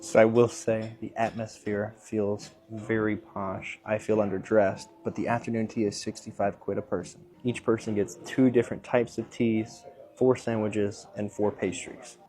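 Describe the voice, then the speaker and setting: An American man narrates a food tasting in a calm, measured way. His voice sits a little low. He describes each dish steadily as he goes. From United States. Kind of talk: food review vlog narration.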